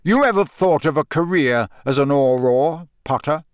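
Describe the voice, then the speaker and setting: A man voicing a gruff, battle-scarred older male wizard who growls and speaks slowly and deliberately. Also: a little high, lively intonation, no room sound, clean studio sound, lightly acted.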